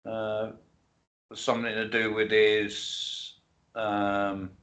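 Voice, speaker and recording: A man's voice: fairly low pitch, little pitch movement, very slow, fairly bright tone. A man in his sixties co-hosting a casual livestream chat, talking bluntly and swearing offhandedly. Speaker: co-host. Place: home, streaming.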